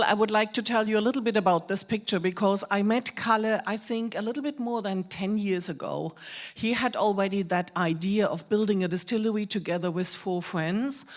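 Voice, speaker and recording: Chatty German-accented woman presenter. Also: medium pitch. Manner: chatty, laughs often, storytelling. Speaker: guest speaker at a whisky event. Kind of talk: informal presentation.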